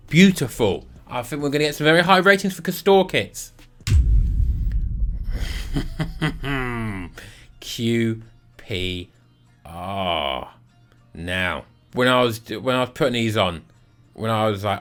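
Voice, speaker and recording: A man's voice: mid-range voice, expressive, takes it slowly, fairly bright tone, faint music behind. Blunt, sweary man rating kits. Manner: blunt, sweary, sarcastic, jokey. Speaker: football kit reviewer. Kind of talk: casual rating vlog.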